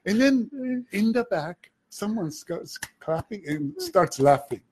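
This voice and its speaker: A comedian telling a story in casual chat, animated, slipping into other voices and another language. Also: male voice, sits high, takes it slowly, a little hiss or hum. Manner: animated storyteller, switches between English and Armenian, does voices in quotes.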